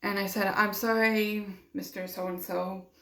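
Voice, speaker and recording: With a level, mid-range and fairly bright tone, a young woman unhurriedly tells a personal story in her vlog. Emotion comes through as she acts out others' words, her speech full of fillers, and the room gives off an echo.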